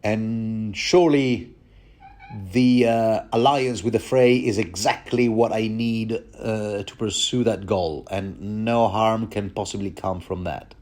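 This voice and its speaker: A man's voice: lowish voice, steady tone, slow, darkish tone. A man casually voicing a young king who gives orders in an offhand but firm way.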